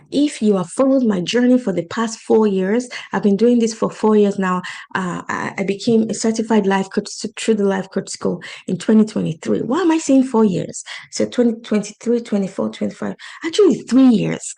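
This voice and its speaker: A woman's voice: medium pitch, normal speed, creaky, mellow. Earnest woman coach with an accent. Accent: non-native English accent. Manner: earnest, encouraging, speaks directly to listeners. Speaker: podcast host and life coach. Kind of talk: solo podcast monologue.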